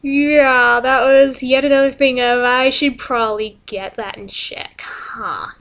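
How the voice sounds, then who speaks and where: Young woman vlogger, high voice, casual, exasperated, salty language. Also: steady tone, a little slow, a bit bright. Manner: chatty, exasperated, swears freely. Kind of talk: casual storytelling vlog.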